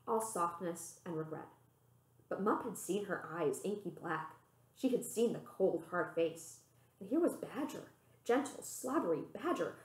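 A woman's voice: echoey room, poor audio. A woman librarian reading a children's storybook aloud, lifting her voice for the characters. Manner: expressive, voicing the characters with pitch lifts.

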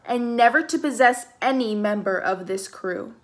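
A woman's voice: fairly high pitch, animated, close to an everyday voice. A woman reading a commanding teenage girl. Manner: commanding, slow and forceful. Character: determined teenage girl with persuasive voice.

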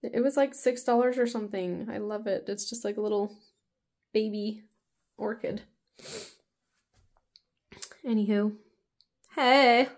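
A woman's voice: medium pitch, steady tone, moderate pace, dark tone. A woman in her thirties chatting casually in a home vlog, rambling with lots of fillers. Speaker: vlogger.

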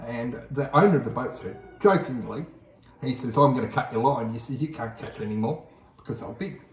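A man's voice: mid-range voice, fairly quick, recorded from a distance. A man with an Australian accent telling a story in a casual, rambling way, often repeating himself. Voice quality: rambling, repeats words, lots of "I says". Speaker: guest telling his testimony. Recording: echoey room, voice off-mic.

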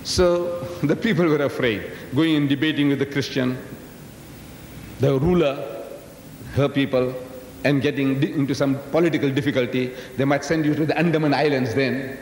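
Speaking at normal speed with fairly even intonation, an older man gives an Islamic public lecture in a large hall, folksy and teasing as he often questions the audience directly. He's from South Africa and of Indian descent, and his medium-pitched voice is a little mellow. The echoey 1980s live recording carries slight background noise.

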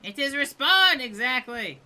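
A man hosting a let's play gaming video, commenting with excitable, jumpy reactions and exclamations. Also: very high voice, measured pace.

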